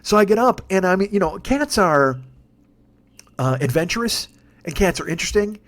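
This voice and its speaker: A man telling a long comic story in a profane, rambling, animated way, as a podcast host. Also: high-pitched, normal speed. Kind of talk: comedic storytelling monologue.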